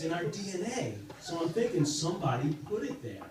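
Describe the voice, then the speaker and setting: Halting man doing stand-up in an echoey basement. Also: fairly high pitch, very animated, a loud crowd. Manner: halting, self-deprecating, many fillers and restarts. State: sober, in recovery. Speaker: stand-up comedian. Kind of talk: stand-up comedy set. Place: club basement with live audience. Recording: very echoey room, distant mic, audible noise.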